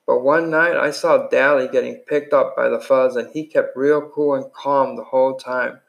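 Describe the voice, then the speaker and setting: A man's voice: mid-range voice, steady tone, moderate pace, vocal fry, lo-fi sound, close to an everyday voice. A man voicing a frightened, guilt-ridden teenage boy in a novel he reads aloud, in a plain everyday voice close to his own. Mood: earnest.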